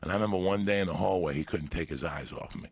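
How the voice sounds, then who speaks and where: Gravelly, husky man telling stories. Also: deep voice, fast talker, no echo. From Cuban family background. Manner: animated storyteller, loud bursts, swears freely. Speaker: podcast guest. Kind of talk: casual podcast chat.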